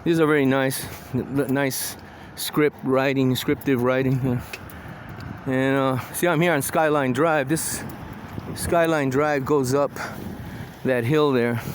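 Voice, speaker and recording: A man's voice: medium pitch, steady tone, takes it slowly, a little hiss or hum. A man telling rambling stories in a casual walking vlog, acting out the voices he quotes, outdoors on a hillside street. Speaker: vlogger.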